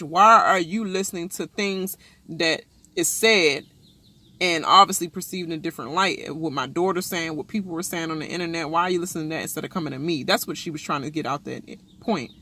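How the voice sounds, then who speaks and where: A woman's voice: low voice, fairly bright tone. A woman recapping a reality show in a blunt, slangy, repetitive rant. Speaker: YouTube recap host. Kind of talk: casual TV episode recap commentary.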